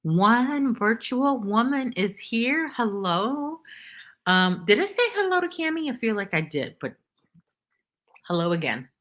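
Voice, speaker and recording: A woman's voice: fairly high pitch, very animated, a little slow, fairly bright tone. A woman hosting a casual crochet livestream from home, chatting in a rambling way and reading viewers' names aloud. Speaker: livestream host. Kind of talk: casual chat while crocheting.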